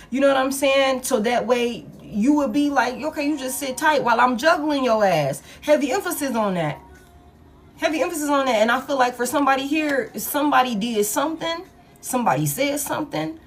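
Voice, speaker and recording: In a high-pitched, fairly quick voice, a woman gives a casual collective tarot reading. She is blunt and profane, repeating her points for emphasis.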